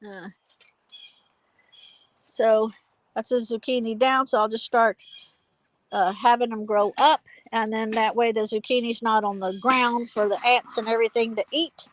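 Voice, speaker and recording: A woman hosting a casual live phone stream from her backyard garden, talking loudly and rambling with fillers. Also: fairly high pitch, fairly even intonation, a little slow, pauses often, a little hiss or hum, poor audio. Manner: loud, chatty, rambling with fillers. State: hard of hearing. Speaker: channel host. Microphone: phone held while walking.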